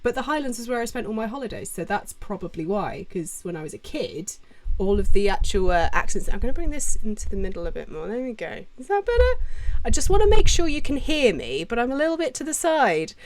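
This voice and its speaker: A woman's voice: a little high, very animated, brisk. A young British woman chatting casually on a live stream from home, reading out viewer comments into a desk mic. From Britain. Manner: chatty and self-interrupting, reading chat names aloud. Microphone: desk mic with adjustable gain.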